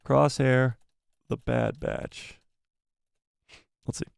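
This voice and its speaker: A male live-stream host with a gravelly, fry-edged voice, chatting casually with viewers about fandom news. He rambles and jokes at his own expense, speaking close to the mic in a dry, dead room. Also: medium pitch, wildly swooping pitch, very slow, dry recording. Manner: self-deprecating, jokey and rambling. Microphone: close desk microphone.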